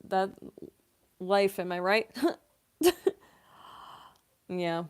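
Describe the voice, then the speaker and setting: A young woman voice actress talks through a casual livestream Q&A. She speaks at a slow, easy pace with a slightly low pitch, filling her sentences with "like" and breaking into giggles. Her talk is loose and chatty. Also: fairly even intonation, clear, resonant tone. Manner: chatty and rambling, many fillers. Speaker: voice actress streamer.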